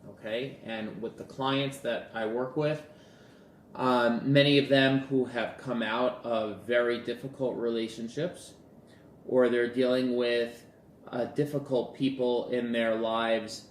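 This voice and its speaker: A man's voice: medium pitch, fairly even intonation, slow pace, echoey room, slight background noise. A man talking casually as a relationship coach, telling a story and acting out bits of dialogue. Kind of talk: casual talk to camera.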